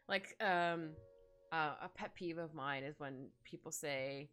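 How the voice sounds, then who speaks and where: Drawing on stream from home with faint music playing, a woman reads her chat and answers it in a rambling, giggly, casual way. She speaks slowly in a low, clean, slightly bright voice.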